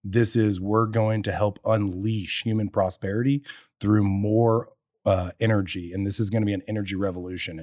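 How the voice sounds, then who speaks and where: He's a Texan energy entrepreneur on a podcast, telling his story casually at a normal speed in a voice on the low side. Quotes get acted out with animated bursts of laughter, all in clean studio sound with no echo.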